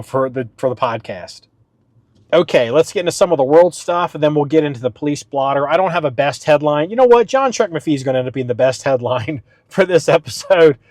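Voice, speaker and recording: A man hosting his own podcast in a casual, rambling way, with frequent fillers and restarts, pitching his voice up a little for the show. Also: darkish tone, no echo. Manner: talks slightly up for the podcast. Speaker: podcast host. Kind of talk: casual solo podcast talk.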